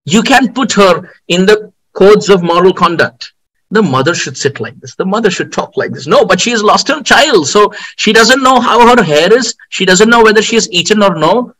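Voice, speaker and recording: A man giving a devotional sermon, telling stories in an animated way, with outbursts and frequent laughter. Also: sits high, low-quality recording. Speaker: spiritual teacher.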